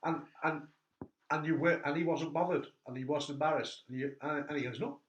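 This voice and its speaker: A man's voice: fairly high pitch, a little fast. Man telling stories in an echoey room. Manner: animated storyteller, laughing at his own anecdotes. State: hurt back. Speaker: host. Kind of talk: casual chat.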